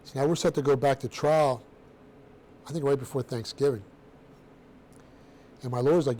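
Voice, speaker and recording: A middle-aged man telling his own story to a room of students in a blunt, streetwise, animated way, with casual slang. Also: mid-range voice, moderate pace, pauses often, a little hiss or hum. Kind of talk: personal storytelling talk to students.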